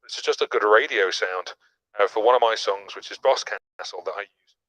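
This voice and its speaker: Man from the UK, lowish voice, casual live-stream gear demo, hesitant and chatty, long reverb tail. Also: fairly bright tone. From United Kingdom. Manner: chatty, hesitant, with many filler pauses. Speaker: musician demonstrating a loop pedal.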